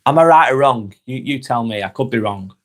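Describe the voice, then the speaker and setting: Northern English man, Lancashire accent, mid-pitched, casual live-stream host, chilled and chatty, tails off at line ends. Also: lively intonation, a little fast. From Northwest England. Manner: laid-back and friendly, trails off quietly at phrase ends, stumbles over words. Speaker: vlogger hosting a live stream. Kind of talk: relaxed live chat, reading out comments.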